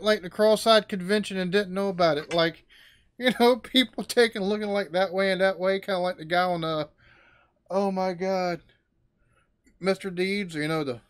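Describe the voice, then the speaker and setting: A man's voice: high voice, fairly bright tone, clean tone. An American man hosting a reaction video, laughing hard and swearing as he reacts. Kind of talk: casual reaction commentary.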